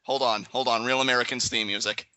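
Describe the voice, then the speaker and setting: A man's voice: mid-range voice, fast talker, clean tone, no room sound, dull audio. A man co-hosting a casual live reaction chat, joking and playfully dramatic. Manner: animated, jokey, playfully dramatic. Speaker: guest co-host.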